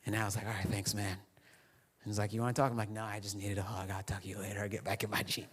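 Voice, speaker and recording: Lower-voiced male pastor telling a personal story. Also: fast, husky. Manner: animated, confessional, acts out dialogue with whispers and laughs. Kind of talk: conversational sermon storytelling. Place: church auditorium.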